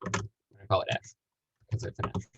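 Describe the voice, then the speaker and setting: A man leading a casual live tutorial, rambling and self-deprecating, with lots of fillers, heard over a video call. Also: quick pace. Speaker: workshop instructor. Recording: dull lo-fi call audio with faint noise.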